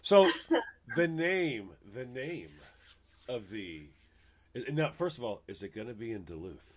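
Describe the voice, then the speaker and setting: A male radio host chatting casually with a guest, his pitch swinging widely as he jokes. He laughs at his own puns and often stammers and restarts his sentences. His talk rises and falls with a lively, animated pitch. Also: measured pace, a crowd in the background.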